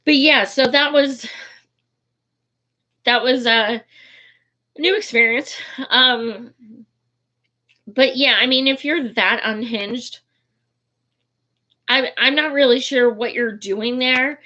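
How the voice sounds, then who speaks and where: A woman's voice: a little high, slow pace, long pauses, pushed and bright. A woman, a political activist, talking casually and heatedly, swearing often and restarting her sentences, with many fillers. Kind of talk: casual vlog talk. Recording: dull lo-fi recording.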